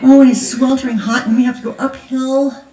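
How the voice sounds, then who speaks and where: This grandmother speaks briskly in a high, warm voice with a level tone. The older woman shares a chatty, laughing storytelling testimony at a conference, her words echoing from a distance across a large church hall.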